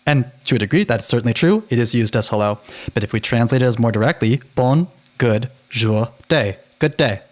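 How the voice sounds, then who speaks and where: Male co-host, casual podcast chat, animated delivery with restarts, mid pitch. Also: brisk. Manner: animated, self-interrupting.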